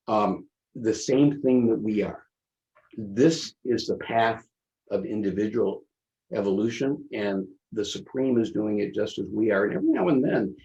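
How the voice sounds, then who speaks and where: A man leads a webinar from a video call and talks his ideas through in a thoughtful, halting way, often restarting his sentences. His voice sits low and sounds warm and mellow. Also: gravelly, highs cut off. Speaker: presenter and teacher. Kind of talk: webinar presentation, casual commentary.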